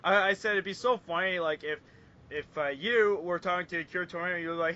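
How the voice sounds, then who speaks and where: A young man from Canada chatting on a podcast over an online call, his high voice sharp and bright. He rambles through stories full of fillers and giggles. The sound is dull and lo-fi. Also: steady tone, fast talker. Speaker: podcast co-host. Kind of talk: casual podcast chat.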